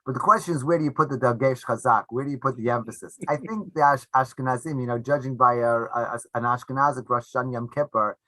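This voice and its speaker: A man, a rabbi and author, answering interview questions in a halting, chatty way with frequent restarts and laughs. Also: mid-range voice, sharp tone, no echo, poor audio.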